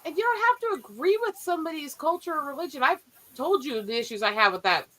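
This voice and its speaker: A woman in casual commentary chat, blunt and animated, swearing freely and mimicking people as she retells stories. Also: high-pitched, fast talker, rough recording.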